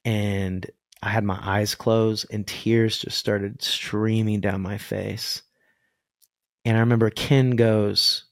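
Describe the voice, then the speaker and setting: A voice coach with a lowish, gravelly voice speaks slowly on a podcast held over a video call, recorded cleanly with no echo. He talks earnestly about spirit and energy, telling stories in an animated, spiritual manner.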